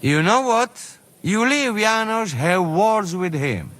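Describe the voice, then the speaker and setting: A man's voice: high-pitched, sing-song, slow pace, fairly bright tone, heavily acted. An actor playing a blunt male mercenary with a Slovak accent, speaking broken English in a game cutscene.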